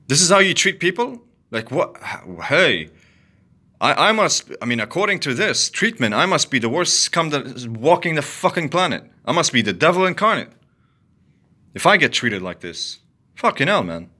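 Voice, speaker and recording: A man ranting angrily to the camera, profane and repetitive, swinging from loud outbursts to low muttering. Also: slightly rough. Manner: heated, profane, repetitive venting. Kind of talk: angry solo rant to camera.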